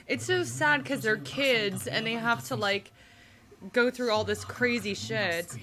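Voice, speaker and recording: A young woman with a slightly high voice hosts a casual reaction chat at a moderate pace, with a crowd audible behind her. She gushes emotionally and fills her speech with "um" and "like."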